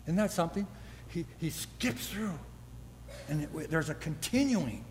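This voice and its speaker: Older male preacher with a high-pitched voice, folksy, keeps asking rhetorical questions; long church-hall reverb. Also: expressive, a little slow, a little hiss or hum. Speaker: pastor. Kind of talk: sermon.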